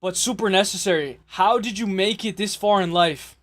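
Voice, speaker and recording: A man hosting a casual livestream, rambling and joking with profanity, congested and clearing his throat. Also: high voice, normal speed, few pauses, fairly bright tone. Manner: rambling, profane, jokey, reads chat aloud. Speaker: livestream host.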